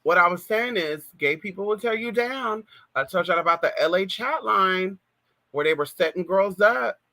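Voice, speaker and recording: A livestream host, a trans woman in her 30s from California, speaks at a moderate pace in a mid-range voice with lively intonation and a sharp tone. Using a plug-in mic, she tells viewers a gossipy story with frequent "girl" and "y'all" asides.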